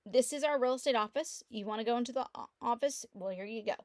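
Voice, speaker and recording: Middle-aged woman with a lilt, chatty and upbeat, computer mic at home, fairly high voice. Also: fast talker, dry recording, studio quality. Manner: chatty, animated storytelling with laughs. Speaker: real estate agent. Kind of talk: casual screen-share walkthrough. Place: quiet room at home.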